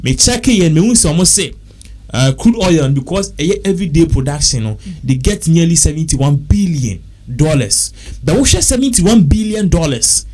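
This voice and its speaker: A man's voice: fairly high pitch, big pitch swings, normal speed, a little mellow. A man with a Ghanaian accent, talking casually and repetitively, working through figures aloud. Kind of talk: casual talk mixing English and Twi.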